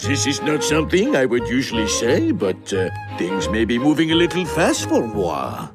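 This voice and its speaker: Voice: medium pitch, huge pitch swings, moderate pace. An actor voicing an amorous male cartoon skunk with a theatrical, put-on French lilt, in a show clip. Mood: flustered. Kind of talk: cartoon voice acting. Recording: show clip with loud music behind. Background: loud cartoon music.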